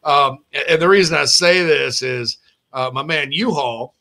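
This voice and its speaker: A man hosts a casual sports chat, his voice bright and slightly high. He rambles through stories, restarting often and laughing along the way. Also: moderate pace, gravelly. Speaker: sports podcast host.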